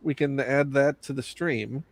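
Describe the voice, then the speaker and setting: A man hosting a relaxed live stream and chatting easily with his guest. His mid-range voice is recorded close and dry, with no room sound around it. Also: medium pitch, a little slow, vocal fry, dry recording. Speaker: host. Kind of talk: casual live chat.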